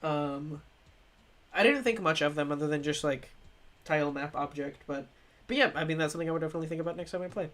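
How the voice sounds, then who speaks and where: Quick-paced, medium-pitched and fairly bright, the game streamer chats casually live while reviewing games. A developing cold leaves them a little stuffy, and they keep rambling, restarting, correcting themselves, and laughing.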